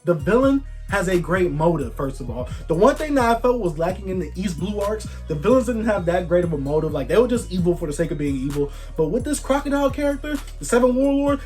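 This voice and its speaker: Excitable young man with faint music behind. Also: sits high, fairly quick. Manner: excitable, slangy, swings between loud and hushed. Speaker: manga reviewer. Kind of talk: casual review monologue.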